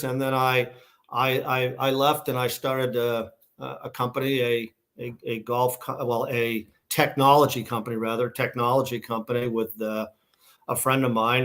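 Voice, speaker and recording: Full of restarts and fillers, the rambling stories come from a middle-aged Massachusetts man with a Boston accent, a shoe company founder guesting in a casual interview. He talks at a moderate pace with medium pitch and fairly even intonation.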